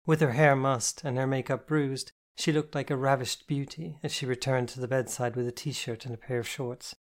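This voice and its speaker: Male audiobook narrator, mid-pitched, measured first-person storytelling. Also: fairly even intonation.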